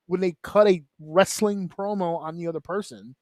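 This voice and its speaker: A fairly high-voiced man holding forth on a wrestling panel show, loose and profane, jumping into little impressions of wrestlers as he argues. His voice sounds close and dry, with hardly any room around it. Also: no room sound. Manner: animated, profane, mimics wrestlers in quick asides. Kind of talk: casual round-table chat.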